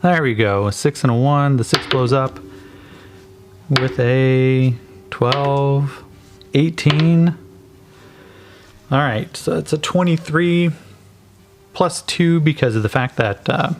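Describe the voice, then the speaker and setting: A man's voice: mid-range voice, slow, pauses often. A man narrating and playing a solo tabletop game, calling dice rolls casually and swearing now and then.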